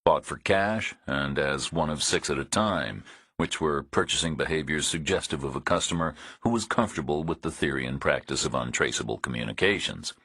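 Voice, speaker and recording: A male narrator reads a thriller audiobook in a steady, even voice. His voice is extremely deep, with a husky grain. The recording is dry and close, with no room sound. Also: fairly quick, no echo.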